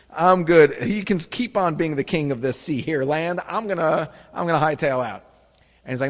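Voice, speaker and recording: A man, a rabbi, telling a comic story to an audience in an animated way, with quick restarts and acted-out asides. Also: on the high side. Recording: echoey hall.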